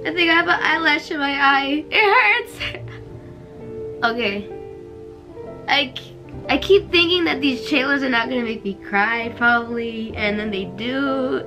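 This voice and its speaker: A young woman with a high voice reacts to a game trailer in a vlog at a measured pace, exclaiming and tearful. Trailer music plays behind her.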